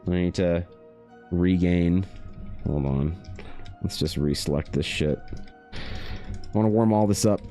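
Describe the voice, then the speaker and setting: A man streaming while he paints, chatting casually in a rambling, profane way, his pitch leaping up now and then. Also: unhurried, pauses often, mellow, faint music behind. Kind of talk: casual livestream chat.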